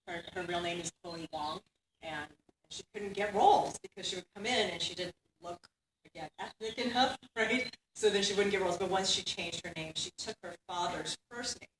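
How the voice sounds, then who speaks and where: Woman giving a keynote talk, chatty, keeps saying right?, bright sharp voice, kinda far off in a big echoey room. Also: fairly low pitch, a little hiss or hum. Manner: conversational, laughs often, frequent "right?" tags. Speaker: keynote speaker. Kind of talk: conference keynote lecture.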